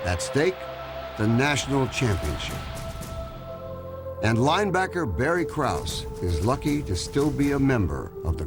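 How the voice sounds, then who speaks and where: A man narrating a sports documentary in a scripted, dramatic, measured style. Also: on the low side.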